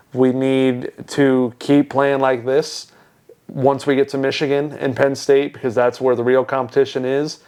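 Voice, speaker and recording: A young man, a podcast co-host, tells a story through laughter in a casual chat, mimicking voices in his anecdotes. His voice is medium-pitched, a little mellow and clean in tone.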